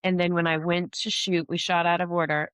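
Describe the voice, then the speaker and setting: A woman actress telling career anecdotes in an interview, animated and full of "like" fillers. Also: fairly low pitch, fairly quick, smooth, dry recording. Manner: animated anecdotes with many "like" fillers and acted-out quotes. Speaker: actress and podcast host, interview guest. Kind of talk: candid career interview, storytelling.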